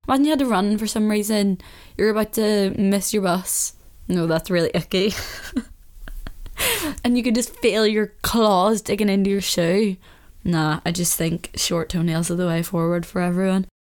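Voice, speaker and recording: A woman's voice: mid-range voice, steady tone, normal speed, darkish tone. A young woman from Northern Ireland with a Northern Irish accent, chatting casually and with strong opinions, laughing often and sometimes dropping into a whisper. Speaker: vlogger. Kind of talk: casual chat.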